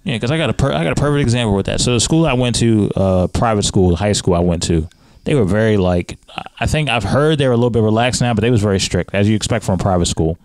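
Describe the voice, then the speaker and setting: Low-voiced male podcast host. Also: quick pace, darkish tone, no room sound. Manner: leads with questions, rising pitch when pressing a point. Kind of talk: casual podcast conversation.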